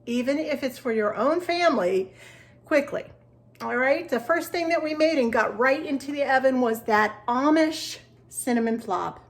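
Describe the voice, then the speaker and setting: A woman in her sixties hosting a casual cooking demonstration in her home kitchen, chatting directly to viewers and giving gentle cautions. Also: high voice, rough recording. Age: 60s. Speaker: cooking show host.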